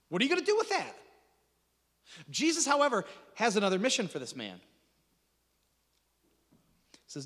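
Dramatic preacher with hall reverb. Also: male voice, high-pitched. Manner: dramatic, acts out voices in retelling, drops to hushed intensity. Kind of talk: sermon.

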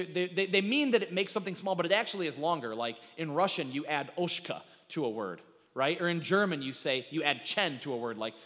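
A male preacher with a high, lively voice that swoops up and down as he explains scripture. He often repeats words as he restarts and drops in joking asides. His voice rings out with a long reverb in a large hall. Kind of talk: sermon, reading and explaining scripture.

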